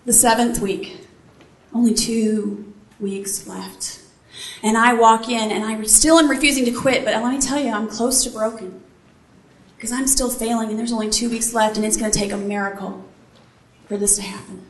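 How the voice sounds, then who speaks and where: A woman giving a motivational keynote, telling a personal story to a live audience with animated, playful delivery and acted-out quotes. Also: on the high side, normal speed, echoey room, recorded from a distance. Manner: animated, acts out quotes, jokes with the crowd. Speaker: motivational speaker.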